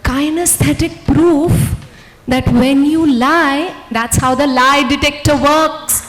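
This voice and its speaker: Energetic lady motivational speaker, high voice, coaxing the audience, echoey hall. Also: slow pace. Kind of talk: interactive stage talk.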